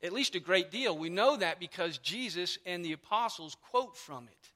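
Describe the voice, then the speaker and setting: A pastor preaches to his congregation, his voice pitched high and bright. He explains with animated emphasis. The church hall gives his words a long reverb. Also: normal speed. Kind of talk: sermon. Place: church sanctuary.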